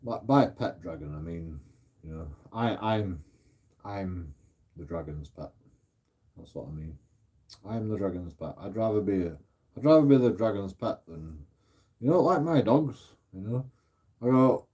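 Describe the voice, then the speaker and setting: A man's voice: deep voice, lively intonation, a little slow, pauses often, breathy edge, muffled recording. A middle-aged man, chatting casually as a streamer, rambling, repeating himself and swearing often.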